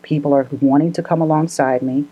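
A woman's voice: sits low, steady tone, fairly quick, dull audio. A woman co-hosting a casual podcast, telling a story earnestly and laughing often.

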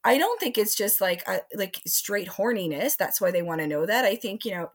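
Animated woman acting out quotes. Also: medium pitch, brisk, hardly any pauses. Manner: expressive, acts out quoted voices. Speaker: sex educator and relationship coach. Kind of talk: animated interview talk.

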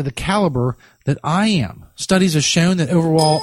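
Husky profane man boasting on a podcast. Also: a little high, lively intonation, moderate pace, few pauses, darkish tone, no echo. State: coming down with a cold. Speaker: comedy podcast host. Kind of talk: crude comic monologue.

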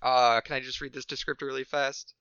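A man's voice: mid-range voice, flat delivery, a little fast, bright, forceful tone, smooth, no room sound, lo-fi sound. A man co-hosting a casual comedy podcast, joking around and reading out product reviews. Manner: joking, reads reviews aloud with silly voices. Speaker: podcast co-host.

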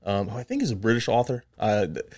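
A man's voice: on the low side, fast. A man co-hosting a podcast, chatting casually with fillers and laughs, then reading a book summary aloud. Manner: relaxed, rambling, laughs often, many fillers. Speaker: podcast co-host.

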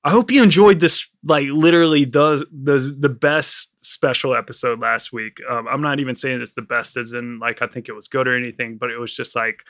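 A man's voice: mid-range voice, steady tone, fairly quick, hardly any pauses, a bit bright. A man from Virginia co-hosting a film podcast in a rambling, joking casual chat, swearing freely, with a mild Southern accent. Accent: mild American Southern. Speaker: podcast co-host.

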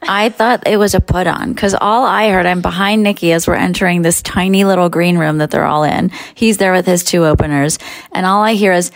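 A woman guest on a podcast, chatting and excitedly telling a story. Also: on the low side, fairly quick. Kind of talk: casual chat.

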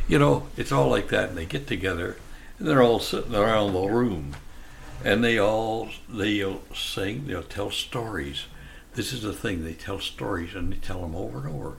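A man in his nineties speaking slowly and earnestly as an interview guest, drifting into long stories. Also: on the low side, creaky, a little hiss or hum. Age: 90s. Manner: slow, earnest, warm-hearted, drifts into anecdotes. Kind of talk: reflective storytelling in conversation.

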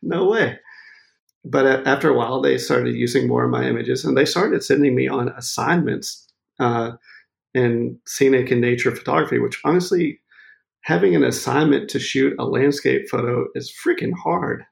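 A man's voice: medium pitch, moderate pace. A man telling a story as a photographer being interviewed, laughing often and acting out what people said. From Maine. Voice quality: gravelly. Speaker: photographer guest.

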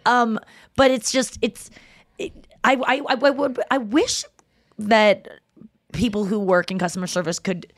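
Lively woman telling a story. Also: fairly high pitch, measured pace, pauses often, no echo, clean studio sound. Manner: animated storytelling, acts out quotes. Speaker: podcast co-host. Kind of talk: casual chat.

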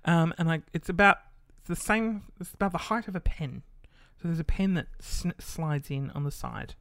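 A man's voice: on the high side, normal speed, a bit bright, no echo. Brief: Australian man, casual monologue host, loose and sweary, dry recording. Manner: chatty and rambling, swears casually, many fillers.

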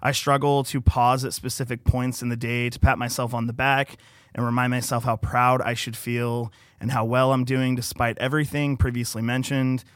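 An earnest man talking quietly on a podcast, at times reading aloud something he wrote himself. His voice sits at a middle pitch. The recording is dry and close, as from a studio microphone. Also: level tone, moderate pace, no echo. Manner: earnest, soft-spoken, reads his own writing aloud. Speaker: podcast engineer. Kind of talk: casual podcast conversation.

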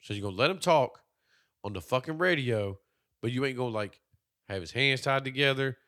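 A man's voice: medium pitch, fairly quick, fairly bright tone, no room sound, clean studio sound. A man in casual movie-riffing chat, profane and joking, trading bits with a co-host. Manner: profane, joking, slips into mock voices.

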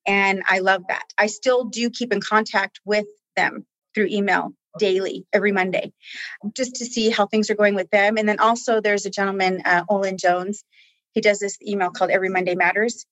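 A woman in a conversational interview, speaking earnestly and with deep feeling about the people she helps. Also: steady tone, moderate pace, fairly bright tone, no room sound, low-quality recording. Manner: heartfelt, tearful at times, earnest. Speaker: staff member guest.

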